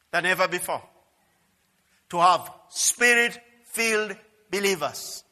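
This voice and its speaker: A high, bright male voice preaching with fervor, dropping low and then rising to near shouts as he repeats his points. His words ring out with a long reverb, as if filling a large hall. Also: measured pace, long pauses. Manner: emphatic preaching, swings from quiet to loud, repeats phrases. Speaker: pastor. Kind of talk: sermon.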